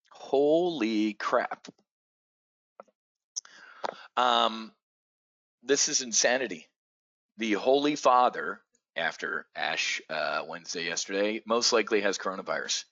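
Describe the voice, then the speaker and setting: A fairly low-voiced man with a bright, forceful tone, riffing on a live stream. He talks bluntly, swears freely and trips over his words with repeated restarts. The sound is dry and a little dull. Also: dry recording. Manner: blunt and profane, stammering restarts, excitable. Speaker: trading coach hosting a live stream. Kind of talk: unscripted live stream talk.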